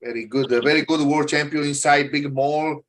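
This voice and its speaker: A man in his fifties, not a native English speaker, chatting as a guest in halting, broken English with many fillers. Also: on the high side, fairly even intonation, a bit bright. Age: 50s. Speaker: arm wrestler guest. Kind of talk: casual podcast chat.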